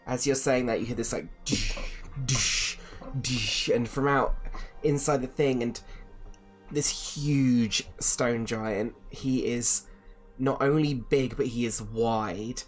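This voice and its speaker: A man's voice: medium pitch, slow pace, faint music behind. A man narrating a tabletop game as game master, rambling with many fillers.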